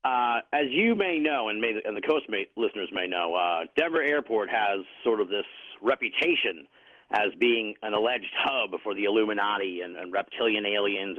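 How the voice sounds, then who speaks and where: A man's voice: on the low side, expressive, brisk, no echo. A man acting as the website news editor on a radio show, casually running through the week's strange stories. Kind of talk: radio segment. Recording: tinny phone line.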